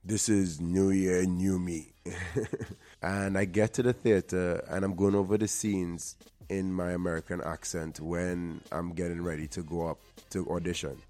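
A man's voice: sits low, flat delivery, measured pace, warm tone, faint music behind. A man from Trinidad and Tobago hosting his show, giving an earnest motivational monologue with personal stories and the odd repeated word. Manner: earnest, storytelling, repeats words when emphasizing. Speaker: actor and show host. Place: LA area.

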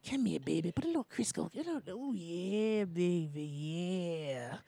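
A woman putting on the voice of a sleazy, smooth-talking man who begs for foot pictures, in a low crooning murmur. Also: animated, moderate pace, dark tone, slight background noise.

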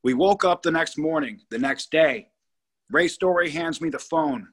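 A man's voice: on the high side, a little slow. A man in his thirties from California, a guest telling a story in an interview, rambling and emphatic with many restarts. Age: 30s.

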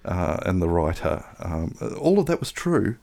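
A man's voice: low-pitched, sing-song, measured pace, creaky, darkish tone. A middle-aged man telling a long, earnest, rambling story with many fillers during a comedy panel game. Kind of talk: comedic bluffing game chat.

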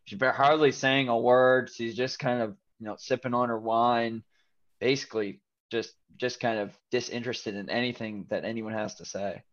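A man's voice: mid-range voice, steady tone, moderate pace, muffled recording. A man co-hosting a casual podcast, retelling a TV episode in a rambling way with many fillers and restarts. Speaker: podcast co-host. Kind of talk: casual chat recapping a TV episode.

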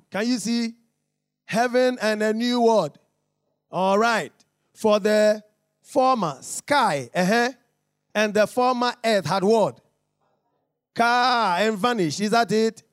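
Male pastor, high voice, slow and deliberate, call-and-response teaching style. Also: dry recording, clean studio sound. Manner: call-and-response, asking the listeners to repeat and confirm; reads scripture aloud in a slow, emphatic cadence. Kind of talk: interactive Bible teaching.

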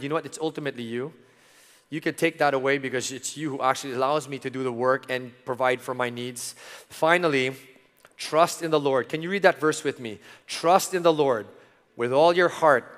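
A middle-aged man preaching a sermon, earnest, moving from loud emphasis to soft, intimate tones. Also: fairly high pitch. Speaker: pastor. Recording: long hall reverb.

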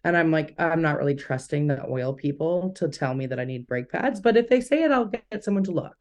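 Low-voiced woman co-host, candid and rambling. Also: lively intonation, a little fast, darkish tone. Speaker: podcast co-host. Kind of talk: casual chat.

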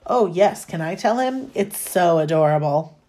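A woman's voice: fairly low pitch, animated, unhurried, warm tone. A woman reading the lines of a playful, teasing teenage girl in an audiobook, gleeful as she tells a story. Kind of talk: audiobook character voice.

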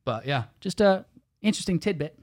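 A man's voice: on the high side, animated, a little fast, darkish tone, no room sound, clean studio sound. Laid-back, teasing male co-host. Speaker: podcast co-host. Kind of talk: casual chat.

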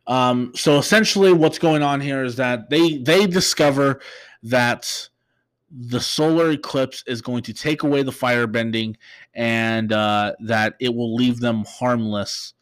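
A man hosts a podcast and walks through a plot recap in a loose, meandering way. He talks at an unhurried, slow pace. His voice sits at an ordinary middle pitch, and he stumbles through plenty of "uh"s and restarts. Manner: halting, filler-heavy, meandering. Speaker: podcast host. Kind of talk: casual episode recap.

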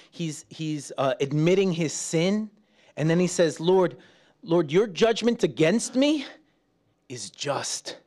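A man preaching a sermon, telling stories with laughs and acting out quotes, dropping soft and slow for prayer. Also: on the high side. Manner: animated storytelling with laughs and acted-out quotes; drops soft and slow when praying aloud.

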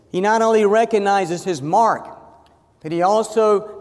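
A man preaching a sermon as pastor, emphatic and slowing down to stress key phrases. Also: high-pitched, darkish tone. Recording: long reverb of a large hall.

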